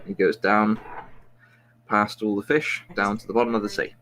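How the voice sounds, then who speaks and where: The podcast host speaks in a lowish, slightly bright voice with little pitch movement and a moderate pace, on a rough recording. His long, rambling joke among friends is packed with restarts and jabs at himself.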